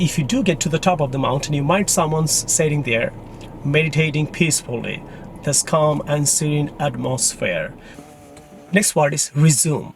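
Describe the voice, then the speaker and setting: A young Bangladeshi-accented man with a slightly high voice teaches English pronunciation, repeating each word slowly and drawing out its syllables. Faint traffic and passing vehicles can be heard behind him. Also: animated. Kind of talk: video lesson, mixing Bengali and English.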